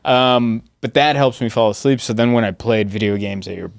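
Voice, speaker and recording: A man in his thirties hosting a podcast, telling stories in a casual, animated way. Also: mid-range voice, fairly quick, vocal fry, smooth, dry recording, studio quality. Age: 30s. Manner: animated storyteller, jumps into loud excited voices. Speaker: comedian podcast host. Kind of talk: casual chat.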